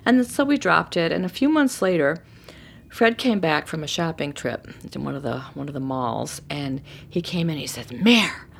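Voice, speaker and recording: A middle-aged woman telling a personal story in a casual, animated way, acting out what people said. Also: low voice, moderate pace, vocal fry, slight background noise. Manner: animated, acts out quoted voices. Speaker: storyteller guest.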